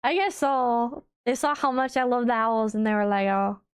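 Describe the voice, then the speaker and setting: A woman streamer chatting casually on a livestream, gushing and bubbly, piling on fillers and restarts, and swooping up high when excited. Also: normal speed, smooth. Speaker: VTuber streamer.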